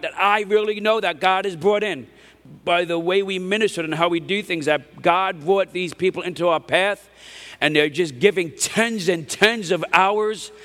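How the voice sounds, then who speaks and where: A pastor preaching a sermon in a conversational, emphatic way, often asking the congregation "right?". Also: male voice, fairly high pitch, fairly bright tone, long reverb tail. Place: church hall.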